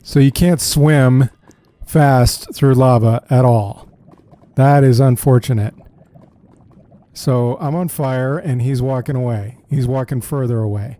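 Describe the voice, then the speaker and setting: Guy chatting thru his game, mellow voice, mid pitch, keeps saying dude. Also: slow pace, dry recording. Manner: chatty, thinks aloud, often says "dude". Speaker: gameplay commentator. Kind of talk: casual let's-play commentary.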